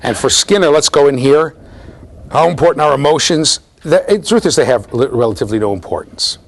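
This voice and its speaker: Middle-aged guy lecturing in a hall, lively up-and-down voice, keeps asking right? okay?. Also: a little high, a little fast. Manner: animated storytelling, mimics voices, asks the class "right?". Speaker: university lecturer. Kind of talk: classroom lecture.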